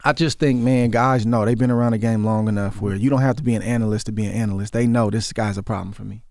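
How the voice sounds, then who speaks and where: A man's voice: fairly low pitch, steady tone, fast, a little mellow, no room sound. Earnest Oakland-accented man in a studio. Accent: Oakland, Bay Area. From Oakland, California. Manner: earnest, repeats words as he builds a thought. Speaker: guest, former boxer. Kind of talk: casual interview conversation. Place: radio studio. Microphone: studio microphone.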